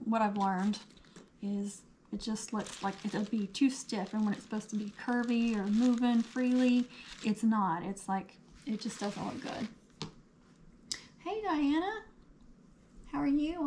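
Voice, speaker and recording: A woman hosting a casual craft livestream, her voice a little hoarse, chatting and answering viewer comments as she works. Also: medium pitch, darkish tone, slight background noise. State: losing her voice.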